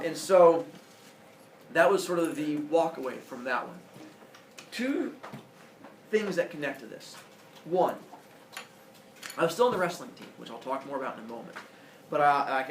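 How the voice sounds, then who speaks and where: A man from Indiana telling a personal story at camp in an earnest, confessional way with halting fillers. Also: medium pitch, a little hiss or hum. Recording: echoey room, voice from far off, faint ambience.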